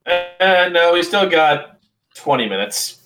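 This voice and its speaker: A man's voice: fairly high pitch, expressive, takes it slowly, over music. A man chatting casually about a movie, laughing often and stammering through restarts. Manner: giggly, avoids spoilers, stammering restarts. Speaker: co-host watching a movie.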